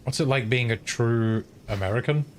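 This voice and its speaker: A man's voice: mid-range voice, moderate pace, slight background noise. A British man streaming a game, chatting casually with viewers, swearing freely and humming to himself. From Britain. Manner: chatty, profane, hums to himself. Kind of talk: casual gameplay stream chat.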